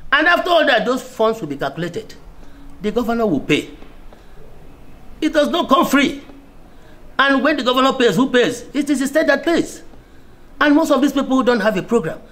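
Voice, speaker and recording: A man's voice: sits high, a bit bright. A middle-aged man with a Nigerian accent giving an emphatic, insistent political speech to camera, often restarting and repeating words. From Abia State, Nigeria. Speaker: senior lawyer and political speaker.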